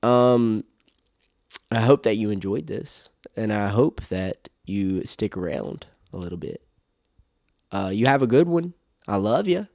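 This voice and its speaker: A man's voice: on the low side, animated, a little slow, darkish tone, no room sound, clean studio sound. A man hosting a solo podcast, talking casually, often laughing and swearing as he rambles. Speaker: podcast host.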